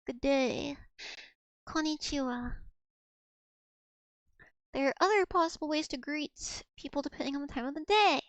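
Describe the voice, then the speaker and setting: A woman's voice: sits high, moderate pace, long pauses, no echo, lo-fi sound. A young woman streaming casually, giggling and repeating practice words over and over as she learns to pronounce them.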